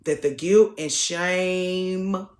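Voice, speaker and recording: A woman's voice: fairly low pitch, fairly even intonation, drawn-out words, a little mellow, reverberant. A woman hosting a TikTok live, talking casually to her viewers in a blunt, preachy way and swearing freely.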